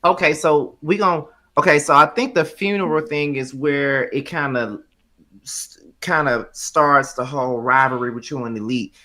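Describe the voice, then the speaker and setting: Guy hosting a chill interview, bright voice, a bit high, short questions. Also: moderate pace. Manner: asks short questions, reads out viewer questions. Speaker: host. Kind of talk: casual interview.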